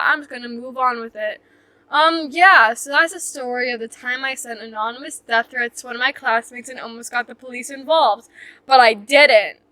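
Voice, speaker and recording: A woman's voice: a little high, bright, forceful tone, no room sound. A young woman telling a storytime on her vlog, rambling and self-mocking, with lots of "like" fillers. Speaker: vlogger. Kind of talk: casual storytime chat.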